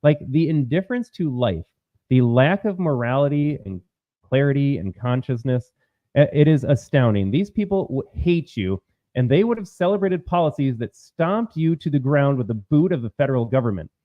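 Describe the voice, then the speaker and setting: A sarcastic American man delivering heated commentary, his pitch swinging widely from line to line. The sound is dry and a little dull, with no room around it. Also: lively intonation, normal speed, dry recording. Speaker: political commentary host. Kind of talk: commentary on clips.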